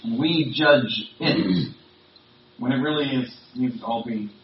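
Male pastor, mid-pitched, conversational sermon delivery with emphasis; echoey, distant, muffled church recording. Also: a little slow, slight background noise. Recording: roomy, distant, dull sound.

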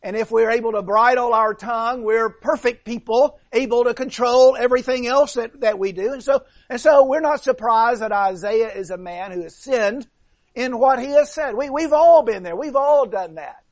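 Guy preaching a sermon, pretty high voice, earnest, dry close sound. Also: normal speed, no room sound. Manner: earnest, repeats words when restarting.

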